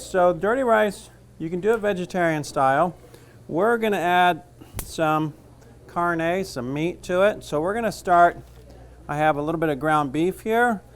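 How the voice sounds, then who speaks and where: A man with a slightly high voice teaches a cooking class, chatting casually and cracking jokes as he works. A pan fries and sizzles behind him, with faint background noise. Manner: casual, joking, talks while cooking. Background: frying and sizzling.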